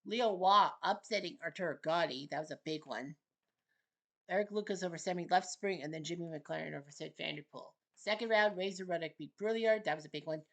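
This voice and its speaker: Male host, relaxed recap delivery, offhand asides, unpolished and chatty. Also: high-pitched, a little fast, creaky. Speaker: host recapping a simulated boxing tournament. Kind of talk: casual results recap.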